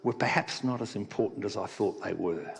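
A man's voice: fairly quick, gravelly, a little hiss or hum. A man preaching a sermon in a conversational storytelling manner, with echoey hall reverb. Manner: conversational storytelling, sometimes soft and low.

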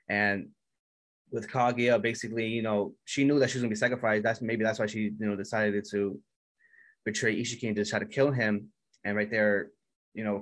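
A man casually recapping an anime episode, excitable and full of "yo" and "like" fillers. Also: lowish voice. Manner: excitable, filler-heavy retelling with "yo" and "like". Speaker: anime reviewer.

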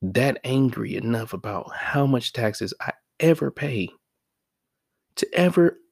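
A man hosting his own vlog in a profane, casual rant that swings between loud, high-pitched outbursts and low mutters. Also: measured pace, gravelly, slightly rough, dry recording, clean studio sound. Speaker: vlog host. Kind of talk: casual ranting monologue.

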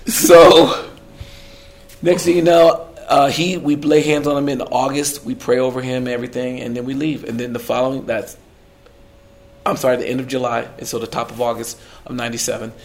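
A middle-aged man, a worship leader, telling his story in a podcast conversation, animated and acting out the voices he quotes. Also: mid-range voice, normal speed, vocal fry.

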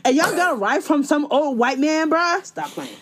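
A young woman talking bluntly in casual chat, full of slang. Her voice swings lively up and down as she tells a story. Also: high voice, normal speed, over a noisy crowd.

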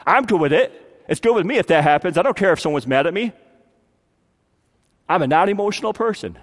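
A man preaching a sermon as pastor, acting out quotes and swinging between loud appeals and hushed lines. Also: sits high, big-room sound.

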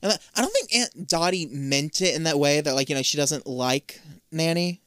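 A man with a smooth, resonant voice talks through a show's plot in an easygoing, matter-of-fact way. He is on a close mic with a dry sound and no room echo. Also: on the high side, normal speed. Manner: relaxed, matter-of-fact storytelling with swearing. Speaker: podcast co-host. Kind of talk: casual chat recapping a show.

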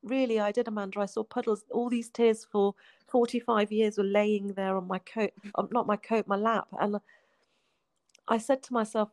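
A woman, a guest telling her life story in a heartfelt way, often falling to a soft hush. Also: mid-range voice, little pitch movement, normal speed, no echo. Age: 40s. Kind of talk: emotional personal storytelling.

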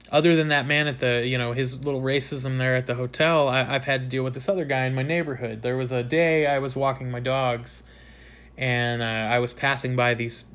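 A young man from the United States hosts his own show, recounting a personal story in a loose, candid monologue. He gets animated and swears freely as he retells it, in a voice of middling pitch. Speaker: podcast host.

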